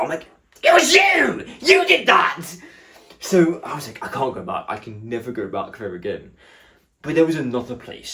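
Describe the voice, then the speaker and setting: A man tells stand-up stories at a mid-range pitch that swings up and down a lot. He jumps in and out of quoted characters, sometimes going high and squeaky for them. His telling stays chatty and animated. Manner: animated, acts out other people's lines in shifting voices. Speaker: stand-up comedian. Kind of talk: stand-up storytelling.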